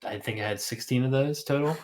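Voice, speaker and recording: A man's voice: medium pitch, fast talker, darkish tone. A man co-hosting a casual streamed chat, laid-back and rambling with many fillers. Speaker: podcast co-host.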